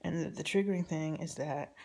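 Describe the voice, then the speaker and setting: A woman telling a personal story about her family in a rambling, halting, confessional way, often dropping to a near whisper. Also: deep voice, gravelly, a little mellow.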